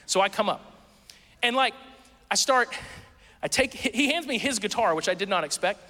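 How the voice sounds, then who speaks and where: A man preaching a sermon, telling a story in a casual, self-mocking and animated way. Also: sits high, normal speed, in a large hall. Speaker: pastor.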